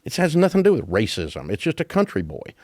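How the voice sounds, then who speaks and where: A man's voice: fairly low pitch, wildly swooping pitch, quick pace, a little mellow, dry recording, clean studio sound. Southern American man in his sixties, folksy. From Deep South of the US. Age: 60s. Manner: storytelling, folksy, chuckling. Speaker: guest. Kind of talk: casual interview conversation. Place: office at his headquarters.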